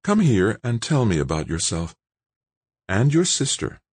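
A calm, guarded young woman speaking quietly and evenly, played by a male narrator who raises his pitch. The husky voice sits close and dry on the recording. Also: measured pace, no echo, full character voice.

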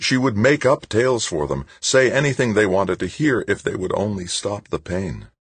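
A man reading an audiobook in steady, measured scripted narration. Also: on the low side, husky, dry recording.

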